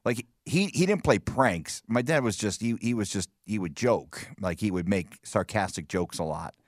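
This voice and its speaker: A man casually telling stories on a podcast, animated and stumbling over restarts, acting out quotes. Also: lowish voice, normal speed, no room sound, studio quality. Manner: animated storyteller, many restarts, acts out quotes. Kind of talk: casual chat, storytelling.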